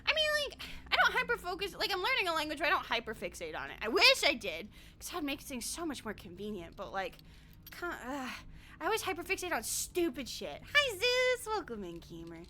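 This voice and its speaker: Woman VTuber, chatty and swear-happy, high and lively delivery, laughs often. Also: fairly quick. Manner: rambling, laughs a lot, swears freely. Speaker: VTuber streamer. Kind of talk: casual stream chat while gaming.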